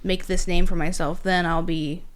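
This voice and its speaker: A woman's voice: fairly low pitch, little pitch movement, moderate pace. A woman guest on a podcast, talking reflectively in casual chat with many fillers.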